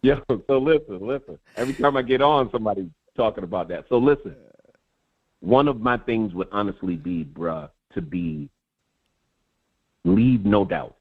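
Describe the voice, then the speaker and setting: A man in casual sports chat, talking in an animated way and repeating words as he builds his point. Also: lowish voice, moderate pace. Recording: tinny phone-like line.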